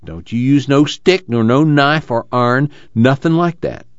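A man's voice: medium pitch, unhurried, no echo, voice pushed up, natural voice. A man voicing a worried, earnest camp leader who talks in a drawling rural dialect. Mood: stern worry. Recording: dull lo-fi dry recording.

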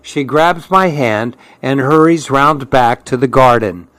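Slow, calm man reading a storybook. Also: medium pitch, no room sound. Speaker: storybook reader. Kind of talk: children's storybook read aloud.

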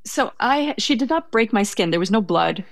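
A woman's voice: fairly high pitch, expressive, moderate pace, dry recording. A young woman telling a story in conversation, hesitant and self-correcting, laughing now and then.

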